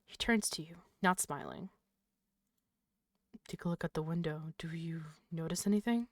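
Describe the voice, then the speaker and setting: A woman streaming a horror game, reading its text aloud in a low voice and breaking into loud, startled swearing. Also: normal speed, no room sound, clean studio sound. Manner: reads narration quietly, then reacts with loud startled swearing.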